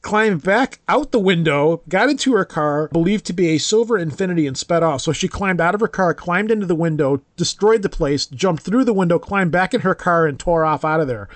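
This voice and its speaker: A man's voice: high-pitched, lively intonation, a little fast, few pauses, dry recording. A man hosting a podcast, reading news items with dry sarcastic comments and steering the talk. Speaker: podcast host. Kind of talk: casual chat, reading news aloud.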